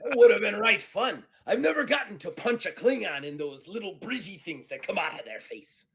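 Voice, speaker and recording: A man voicing a boisterous, pirate-talking brawler in a tabletop game, with a loud, gleeful drawl and a raised voice. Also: high-pitched, very animated, a little fast, gravelly, background noise, voice pushed up, heavily acted.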